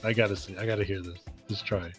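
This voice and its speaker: A man's voice: low-pitched, fairly even intonation, fast talker, soft background music. A young man co-hosting a casual podcast chat, laughing often and asking teasing questions. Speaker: podcast co-host.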